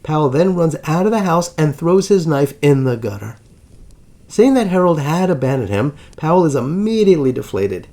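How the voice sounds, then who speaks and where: A man narrating a dramatic history story as the host of his channel, with big swings in pitch and loudness. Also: sing-song, normal speed.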